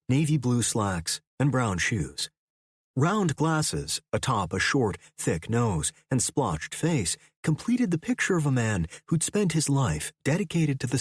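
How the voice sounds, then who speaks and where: A man reads a thriller audiobook with a husky, slightly breathy voice. His pitch swings widely as he tells the story in a measured way. The recording is dry and close. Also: no room sound. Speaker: audiobook narrator. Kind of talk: scripted thriller narration.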